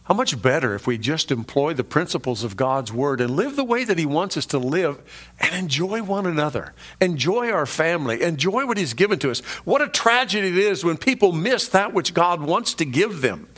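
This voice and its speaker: A man preaching a sermon, emphatic and conversational, swinging from rising peaks to low drops and speaking directly to his listeners. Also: big pitch swings, moderate pace, a bit bright. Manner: conversational asides to the congregation. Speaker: pastor.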